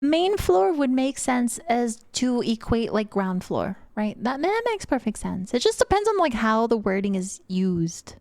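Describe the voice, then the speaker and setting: A woman's voice: fairly high pitch, sing-song, unhurried, few pauses, darkish tone, no echo. A young British woman streaming live, chatting casually and giggling as she greets her viewers. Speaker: VTuber streamer.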